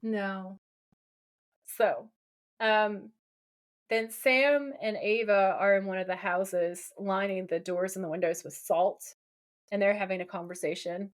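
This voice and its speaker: A woman at a middling pitch recaps an episode for her co-host. She reads out scenes line by line and fills the gaps with casual asides and fillers. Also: steady tone, slow. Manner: retells scenes by reading out lines, with many fillers. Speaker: podcast co-host.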